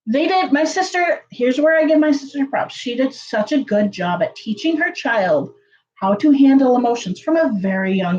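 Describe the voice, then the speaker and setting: A woman telling a story to her viewers in a casual, chatty way, full of fillers and lively jumps in pitch. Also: highs cut off. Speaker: channel host.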